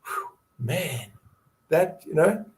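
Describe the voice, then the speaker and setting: A man's voice: a little high, expressive, takes it slowly. A middle-aged man speaking as a guest, telling his story in an earnest, candid conversational way, with many fillers and restarts and bursts of laughter. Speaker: guest, survivor and advocate.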